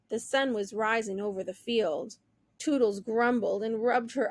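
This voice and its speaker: A woman teacher reading a children's book aloud with clear, expressive storytelling. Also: fairly high pitch, a little slow, no echo. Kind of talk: children's read-aloud narration.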